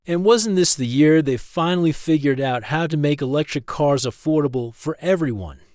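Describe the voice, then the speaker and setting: A man's voice: fairly high pitch, lively intonation, normal speed, a little mellow, no echo, clean studio sound, close to an everyday voice. A man voicing a cheerful, brainy young woman physicist from the future, who talks in a chatty, polite and apologetic way.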